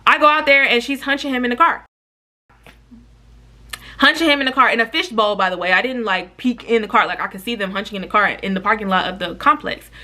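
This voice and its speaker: A young woman telling a storytime vlog in a casual, animated, frank way, full of slang and cursing, speaking straight to her viewers. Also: on the high side, brisk. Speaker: YouTuber.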